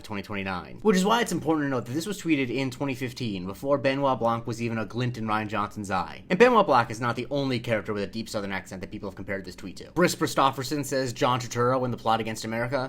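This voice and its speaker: A man hosting a scripted comedy commentary show, brisk, wry and upbeat. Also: mid-range voice, fairly bright tone. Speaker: host.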